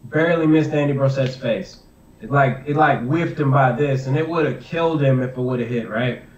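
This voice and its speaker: A man's voice: mid-range voice, a little fast. A young man, an MMA fighter, telling a fight story in an interview with lots of fillers and acted inner thoughts. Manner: animated, filler-heavy retelling with acted inner voice. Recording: distant, roomy, dull audio.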